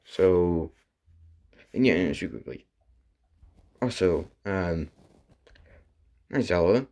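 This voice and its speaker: Man, low-ish voice, loose rambling storyteller, heavy on fillers. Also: lively intonation, slow, a little mellow. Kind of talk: improvised fan story retelling.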